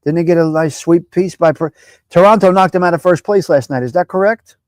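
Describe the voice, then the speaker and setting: A man hosting a casual live-stream chat, brash, profane and animated as he talks back at viewers by name. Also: high-pitched, fairly quick, dry recording. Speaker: live show host.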